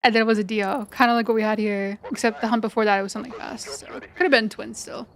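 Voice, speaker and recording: A woman live-streaming a video game, chatting with viewers and explaining mechanics, her voice cracking and going hoarse. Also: on the high side, steady tone, fast talker. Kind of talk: live gaming commentary.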